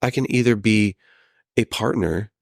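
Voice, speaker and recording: A man with a low voice speaks in an earnest, measured way, like a guest in a podcast interview. He sometimes acts out the lines of people he quotes. The sound is close and dry, with no room echo. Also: creaky. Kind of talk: reflective conversational interview.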